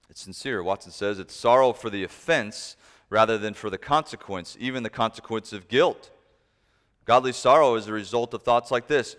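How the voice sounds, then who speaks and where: A man preaching a sermon, emphatic, shifting between loud stressed points and soft asides. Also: fairly low pitch. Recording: long reverb of a large hall.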